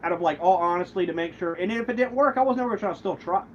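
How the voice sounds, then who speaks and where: Male livestreamer, higher-pitched, profane and aggrieved, rambling retelling; muffled lo-fi audio with faint hiss. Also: racing. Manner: rambling, with many restarts and quoted back-and-forth. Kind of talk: casual livestream rant. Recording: muffled lo-fi stream audio, faint background noise.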